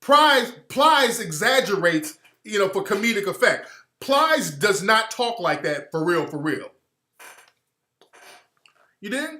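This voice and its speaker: A man's voice: sits high, big pitch swings, slow pace, pauses often, pushed and bright, roomy sound. A man from Alabama giving an emphatic, opinionated monologue as a commentator, hammering his points home with repetition. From Alabama, US South.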